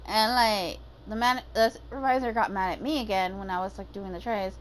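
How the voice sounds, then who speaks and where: A woman's voice: mid-range voice, a little fast, slight background noise, poor audio. A woman ranting casually about her day, swearing heavily and using lots of fillers. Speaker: gaming vlogger.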